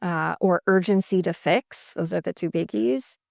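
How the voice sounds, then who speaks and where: A woman working as a couples coach, explaining in a measured and emphatic way on a podcast. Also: on the low side, gravelly, no room sound, studio quality.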